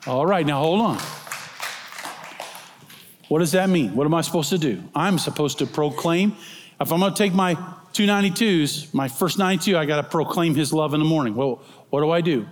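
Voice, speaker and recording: A man's voice: fairly high pitch, lively intonation. Preaching man in a reverberant hall. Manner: swings from soft and slow to loud proclaiming. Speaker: pastor. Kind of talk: sermon.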